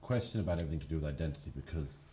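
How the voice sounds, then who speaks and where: A man's voice: extremely low pitch, expressive, rapid-fire, mellow, slight background noise. A man giving wry, articulate, polemical remarks as a speaker on a debate panel.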